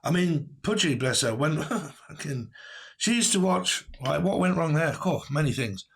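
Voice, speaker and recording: A man's voice: a little high, expressive, measured pace, vocal fry, husky. A man giving a casual tarot reading to camera, blunt and rambling, who swears and laughs often. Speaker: tarot reader.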